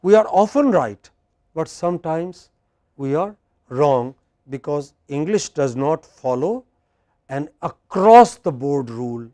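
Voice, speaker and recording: A man teaching spoken English in a university classroom, a non-native speaker who lectures deliberately and prompts students for answers. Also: on the high side, expressive, warm tone, no echo. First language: Indian language.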